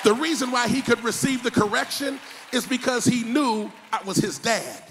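A male pastor preaching a lively, comic sermon to a church, often breaking into shouts. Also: very high-pitched, moderate pace, a little hiss or hum.

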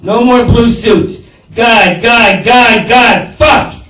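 A man voicing a foul-mouthed male president who rants and shouts in a frantic, profane tirade. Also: sits high, normal speed, echoey room, far from the mic, voice pushed up, natural voice, rough recording. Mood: furious.

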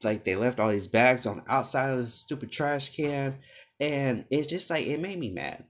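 A man's voice: medium pitch, lively intonation, normal speed. A young man telling a frustrated story about work in a rambling, casual way, full of filler words. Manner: exasperated, rambling, heavy use of filler words. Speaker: vlogger.

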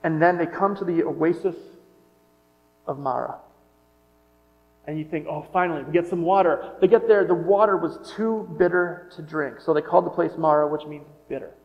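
A man's voice: on the high side, moderate pace. A middle-aged man giving a sermon in a conversational way, often restarting and wondering aloud. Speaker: pastor. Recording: muffled sound with long hall reverb.

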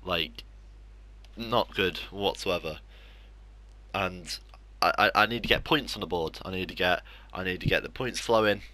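A man's voice: sits low, a little slow, long pauses, pushed and bright, no echo. A young man commenting on his own football video game matches, mocking himself and ranting about losing. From England. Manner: frustrated, self-mocking ranting. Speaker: gaming YouTuber. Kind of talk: live gameplay commentary.

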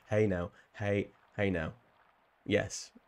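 A man's voice: fairly low pitch, very animated, very slow, a little mellow. A man with a southern English accent, chatting casually with viewers while playing a game on a live stream, rambling and laughing often. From southern England.

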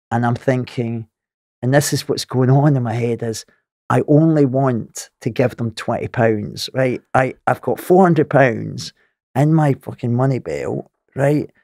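A middle-aged man with a Glaswegian Scottish accent, a podcast guest telling a story in an animated way, swearing freely and laughing as he talks. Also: medium pitch, measured pace, no room sound, clean studio sound. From Scotland.

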